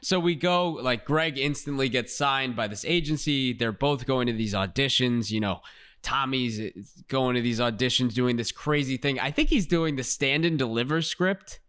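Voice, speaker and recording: Man retelling a movie, lively and casual. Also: mid-range voice, normal speed, smooth. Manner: animated retelling with acted-out quotes and swearing. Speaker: podcast co-host. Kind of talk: casual movie breakdown chat.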